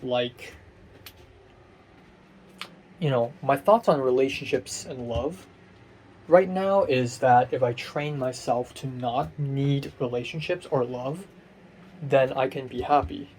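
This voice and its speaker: A man's voice: mid-range voice, a little mellow, slight background noise. A young man rambling through a casual personal vlog monologue, self-mocking, with many fillers and restarts. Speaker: vlogger.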